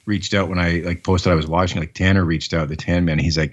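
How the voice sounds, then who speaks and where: A man's voice: low voice, steady tone, fast, few pauses, husky, highs cut off. A man co-hosting a podcast, chatting casually and enthusiastically with plenty of fillers. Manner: rambling, enthusiastic, lots of fillers. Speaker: podcast co-host. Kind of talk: casual chat.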